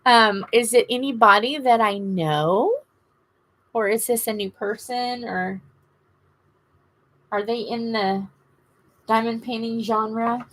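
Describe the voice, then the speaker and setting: Chatty slow-talking Southern woman. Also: on the high side, fairly even intonation, a bit bright. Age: middle-aged. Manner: chatty, rambling, gushing and nosy with the chat. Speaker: livestream host. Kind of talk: casual live-stream chat to viewers.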